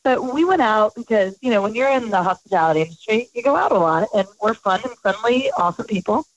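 A woman guest in casual chat, chatty and quick to react. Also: mid-range voice, lively intonation. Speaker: guest from the hospitality industry. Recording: dull, lo-fi sound.

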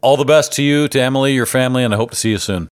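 A man's voice: medium pitch, very fast, clean tone. A man in his fifties hosting a podcast interview, bantering like a stand-up comedian and laughing easily. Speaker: podcast host.

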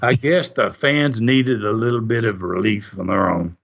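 A man telling stories in a casual, animated way, laughing often and acting out what others said. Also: lowish voice, moderate pace, vocal fry. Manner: animated, laughs often, acts out quoted voices. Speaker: guest recounting wrestling TV history. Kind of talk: casual storytelling. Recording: muffled lo-fi audio.

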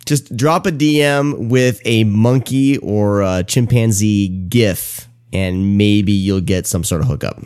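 A man hosting a podcast in a casual chat, talking quickly and running his words together. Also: on the low side, a little mellow, clean tone, no room sound, clean studio sound. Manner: talks fast, runs words together. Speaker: podcast host.

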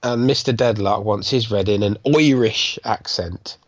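A man's voice: fairly low pitch, unhurried, dull audio, slight background noise. A man co-hosting a casual podcast, chattily reading listener messages aloud. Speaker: podcast co-host. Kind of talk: casual chat.

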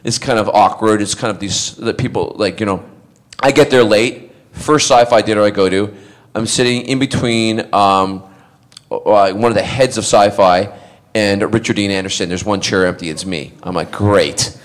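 A man's voice: fairly low pitch, moderate pace. Middle-aged male actor, chatty fan Q&A storyteller, laughs a lot, rambles and restarts lines. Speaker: actor answering fan questions. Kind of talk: anecdotal convention Q&A.

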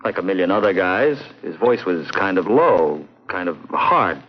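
A husky, defensive young guard. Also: male voice, deep voice, expressive, a little slow. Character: young male security guard under questioning, defensive. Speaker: suspect in radio drama. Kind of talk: 1950s radio drama acting. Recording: dull lo-fi 1950s recording.

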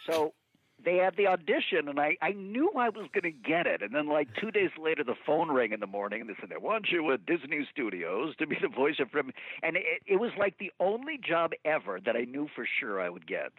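Male voice actor guest, expressive and laughing, heard over a thin phone line. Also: fairly high pitch, breathy edge, no room sound. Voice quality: animated, quick to laugh, voice actor. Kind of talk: relaxed interview storytelling. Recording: tinny phone line, dry.

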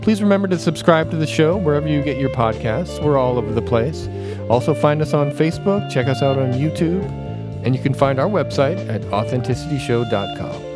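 A man's voice: fairly high pitch, expressive, brisk. A man, the show's producer, reading a scripted podcast outro in a friendly, announcer-like way. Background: guitar theme music.

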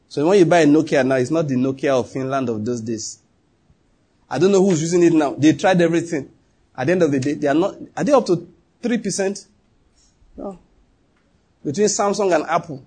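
Husky, high-voiced male pastor preaching. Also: darkish tone. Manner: emphatic, questioning the congregation. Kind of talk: sermon.

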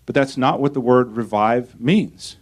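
A man's voice: medium pitch, a little slow. A male pastor preaching a sermon, reading scripture aloud and putting rhetorical questions to his congregation.

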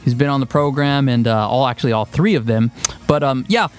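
A man's voice: medium pitch, fairly quick. A man hosting a podcast, chatting casually with many fillers and frequent laughs. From Texas. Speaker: podcast host.

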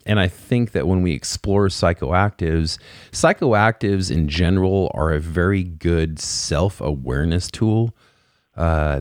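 Give me a very deep-voiced male podcast host. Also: no room sound, studio quality. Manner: measured, reflective, with fillers. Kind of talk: interview conversation.

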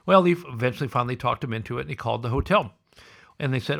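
Man telling a lively showbiz story. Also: very fast, gravelly. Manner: acts out the people he quotes with lively pitch jumps. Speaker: podcast host. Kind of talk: animated anecdote storytelling.

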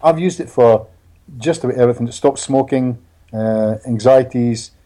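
A man speaking as a hypnotherapist guest in a casual interview, an animated storyteller who laughs often and repeats his words. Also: mid-range voice, normal speed.

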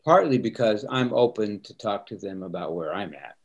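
A man's voice: lowish voice, animated, moderate pace, slightly rough, dull audio. An older man, a pastor, talking earnestly and openly about feeling, with an easy laugh in a candid interview.

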